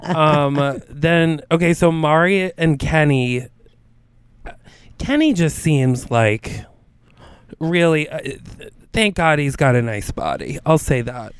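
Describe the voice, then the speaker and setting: A man's voice: fairly high pitch, lively intonation, takes it slowly, clear, resonant tone, no echo. A man in his thirties co-hosting a casual chat, gossipy and acting out quotes. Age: 30s. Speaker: podcast co-host.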